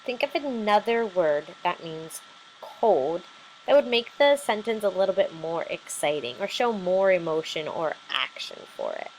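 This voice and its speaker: A woman's voice: lowish voice, animated, unhurried, slight background noise, poor audio. A woman teacher giving a recorded lesson, explaining patiently step by step with many fillers.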